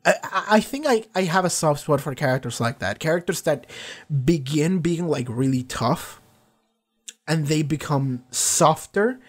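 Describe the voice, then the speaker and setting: A man's voice: a little high, lively intonation, unhurried. A man giving casual, enthusiastic commentary as a reaction streamer, rambling and laughing often.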